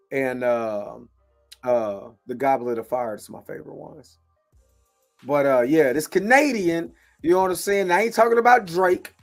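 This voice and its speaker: A man hosting his own commentary show in a loose, casual way, repeating filler phrases and jumping between soft and loud. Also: a little high. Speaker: show host.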